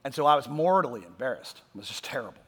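A man preaching a sermon, talking conversationally and moving between loud emphatic points and quiet asides. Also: medium pitch, lively intonation, very fast, husky. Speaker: pastor. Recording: long hall reverb.

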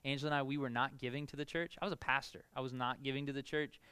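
A male pastor with a mid-range, clean voice preaches very fast in a conversational sermon, with no room sound. He tells personal stories casually and animatedly, using lots of filler words.

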